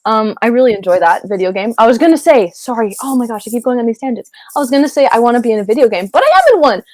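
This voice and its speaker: Bubbly young canadian woman rambling and giggling, kinda high voice, dry close mic. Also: sing-song, rapid-fire, darkish tone, dry recording. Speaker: voice actress guest. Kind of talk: casual interview chat.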